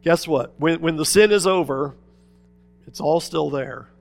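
A man preaching a sermon as pastor, swinging between loud, urgent appeals and hushed, quiet asides. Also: fairly high pitch, a little slow, creaky, faint music behind.

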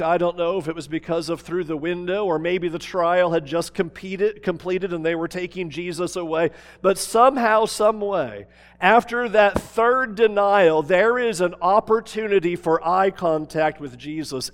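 A man preaching a sermon. He tells the story dramatically, moving between emphatic passages and hushed ones. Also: high voice, moderate pace. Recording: long reverb of a large hall.

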